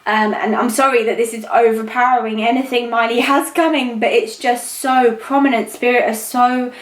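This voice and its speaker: Tarot reader lady rambling on, kinda emotional, slightly high voice, echoey room. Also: steady tone, normal speed. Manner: emotional, rambling, repeats words. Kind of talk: casual psychic reading monologue.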